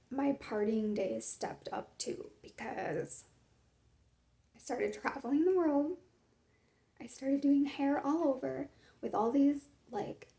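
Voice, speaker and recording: A woman's voice: a little high, creaky, warm tone. A young woman sharing her personal faith testimony in a casual, rambling way, full of fillers. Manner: rambling, filler-heavy, lots of "like".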